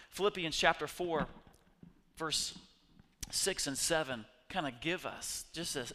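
A man preaching a sermon as pastor, his delivery swinging from hushed whispers to loud, urgent bursts. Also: fairly high pitch, long reverb tail.

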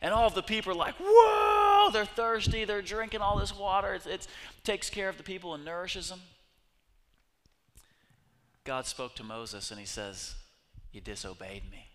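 A man preaching a sermon, telling scripture stories with lively acted-out voices. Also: sits high, normal speed, long pauses, long reverb tail. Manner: animated storytelling, acting out voices of God and people. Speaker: pastor. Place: church sanctuary.

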